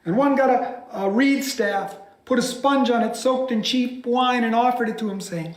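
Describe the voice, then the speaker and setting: A man, a pastor, telling a scripture story by heart with dramatic delivery, dropping some lines to a hushed whisper. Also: very high voice, moderate pace, few pauses. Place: church. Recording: echoey church room.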